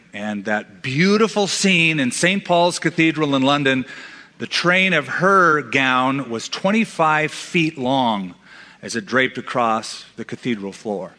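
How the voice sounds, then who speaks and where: A man's voice: mid-range voice, sharp tone, in a large hall. A middle-aged man preaching a sermon as pastor, emphatic, with dramatic repetitions.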